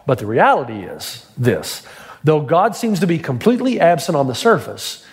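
Middle-aged male pastor, higher-pitched voice, dramatic storytelling sermon delivery. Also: a little mellow. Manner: storytelling, dramatic build-ups.

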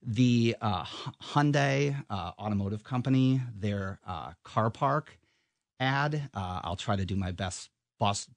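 A low-pitched, middle-aged man talks shop in an interview. He rambles and restarts, filling gaps with ums. The sound is dry and close. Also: a little slow, hardly any pauses, no echo. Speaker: advertising media guest. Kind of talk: casual interview chat.

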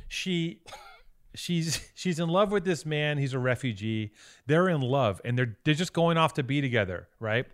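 A man co-hosting a podcast, giving a rambling, profane and excited recap of a movie in casual chat. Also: fairly high pitch, moderate pace. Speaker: podcast co-host.

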